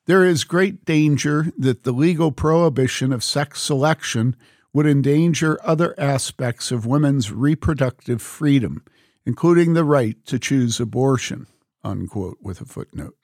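A man reading a book aloud in a measured, earnest way, speaking the quote marks as he goes. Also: medium pitch, a little mellow, no room sound, clean studio sound. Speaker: reader.

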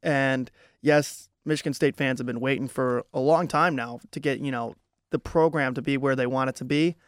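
A man's voice: medium pitch, steady tone, moderate pace, smooth, no echo, clean studio sound. A young man hosting a casual sports podcast, chatting with a co-host and thinking aloud through fillers and restarts. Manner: conversational, with frequent fillers and restarts.

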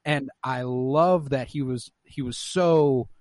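A man talking casually with friends, eager and animated in his opinions and swearing freely. His voice sits in a middle pitch. The sound is dry and close to the mic. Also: takes it slowly, no echo. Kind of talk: casual chat.

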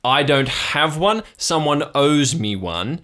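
A man voicing a rambling, boastful old uncle who talks loudly and forgetfully. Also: a little high, lively intonation, slow pace, pitched above the performer's own voice, heavily acted. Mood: blustery. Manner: loud, blustery, forgetful.

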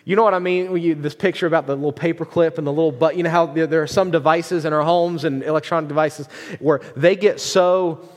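A man's voice: on the high side, steady tone, fast talker. A man preaching a sermon as pastor, casual and conversational, with filler words and restarts. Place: church hall. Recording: long hall reverb.

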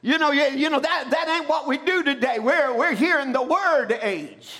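High-voiced man preaching a shouting sermon. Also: expressive, moderate pace, few pauses. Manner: rising into shouted emphasis, calling for amens.

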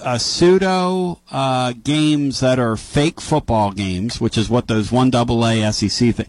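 A man's voice: medium pitch, moderate pace, few pauses, no room sound. A man hosting a call-in sports radio show, arguing his points with emphasis and taking callers. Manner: emphatic, animated, argumentative.

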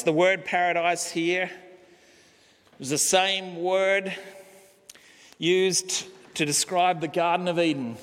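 A male pastor preaching a sermon, slow and emphatic, pausing on key words. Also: high-pitched, a bit bright. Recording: long hall reverb.

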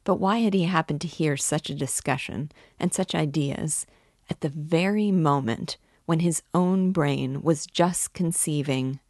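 A woman teaching literature, reading a classic novel aloud in a measured, clear way. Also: deep voice, a little mellow, no room sound, clean studio sound.

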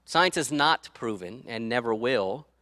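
Pastor guy giving a sermon, bright punchy voice, dry close sound, keeps asking right?. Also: mid-range voice, lively intonation, unhurried, dry recording. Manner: conversational, tag questions to the audience; acts out quoted speech.

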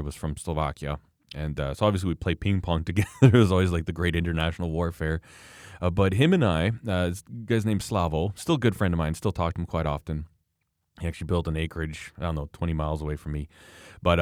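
A man's voice: low-pitched, darkish tone, clean tone, dry recording, clean studio sound. A man hosting a podcast, telling long rambling stories in casual conversation with many restarts. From Canada. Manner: rambling storyteller, frequent restarts.

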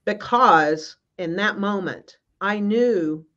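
A woman guest minister telling a personal spiritual story on a video call, in an earnest, halting way with many restarts. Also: medium pitch, fairly bright tone. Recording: slightly muffled.

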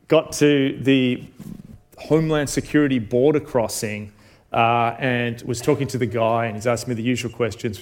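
A man with an Australian accent preaching from a church stage, his voice sitting at an ordinary mid pitch. He tells his story casually, with lots of ums and self-deprecating asides. It sounds like a guest pastor speaking through a stage mic. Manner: conversational, self-deprecating, many fillers. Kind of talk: sermon storytelling. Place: church auditorium.

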